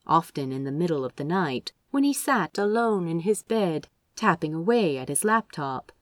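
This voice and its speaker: Expressive woman reading a story. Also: medium pitch, no room sound, studio quality. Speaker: audiobook narrator. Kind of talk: scripted story narration.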